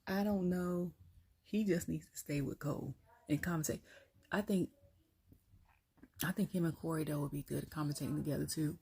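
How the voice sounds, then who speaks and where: Gravelly low-voiced woman ranting casually. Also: dark tone. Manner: chatty, laughs often, acts out quotes. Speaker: wrestling review vlogger. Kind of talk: casual solo rant.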